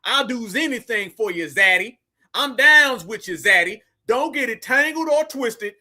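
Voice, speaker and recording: A man's voice: very high-pitched, animated, unhurried, pushed and bright, voice pushed up, heavily acted. A man voicing a fawning, eager-to-please guy who sweet-talks and pleads.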